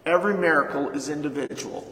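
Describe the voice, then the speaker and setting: Emphatic high-voiced preaching pastor. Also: male voice, quick pace, a bit bright. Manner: emphatic preaching with repeated lines and rhetorical questions. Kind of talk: sermon. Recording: echoey hall with long reverb.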